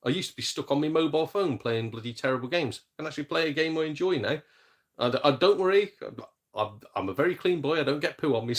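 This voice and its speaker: Bloke on a gaming live stream, jokey, laughs a lot, mid-pitched voice. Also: male voice. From England, Shropshire near the Welsh border. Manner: chatty, jokey, quick laughs, mild swearing. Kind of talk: casual live-stream chat.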